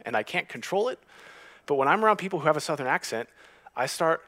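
Bright-voiced man preaching a sermon. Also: fairly high pitch, lively intonation, fast. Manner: earnest preaching, shifting from hushed to emphatic; reads scripture aloud. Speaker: pastor.

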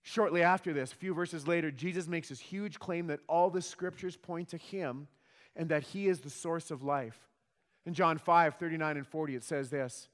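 A man's voice: on the high side, moderate pace, fairly bright tone. Emphatic preacher man in a reverberant hall. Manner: emphatic preaching with rhetorical questions. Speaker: pastor. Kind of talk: sermon.

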